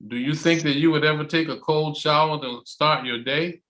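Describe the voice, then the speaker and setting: Loud, bright, enthusiastic male host. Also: fairly high pitch, steady tone, normal speed. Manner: loud and enthusiastic, stretches phrases out for emphasis. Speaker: host of an online English chat club. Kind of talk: motivational casual talk. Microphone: video call.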